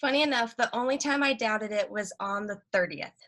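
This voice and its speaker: A woman talking eagerly and quickly about selling, in a casual video-call chat. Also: medium pitch. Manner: excited, rapid, gushing. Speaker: team member sharing sales tips.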